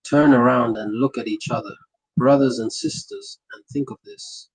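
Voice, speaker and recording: A man's voice: mid-range voice, wildly swooping pitch, moderate pace, husky, no room sound, rough recording. A man narrating a memoir in the first person, breaking into impassioned sermon-style speeches with rhythmic, repeated phrases.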